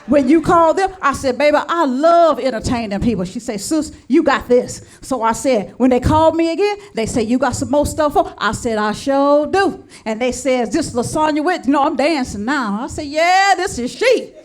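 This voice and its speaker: A woman doing stand-up, telling a story with lively dialogue and acting out both sides of phone calls. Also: high voice, moderate pace, few pauses. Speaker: stand-up comedian. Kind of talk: stand-up comedy routine.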